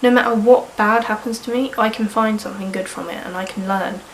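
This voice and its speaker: A woman's voice: mid-range voice, fairly even intonation, fairly quick, reverberant, slight background noise, poor audio. A woman in her early twenties with a cold, vlogging in a frank, rambling way and swearing casually. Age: early 20s. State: sniffly with a cold. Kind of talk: candid personal vlog.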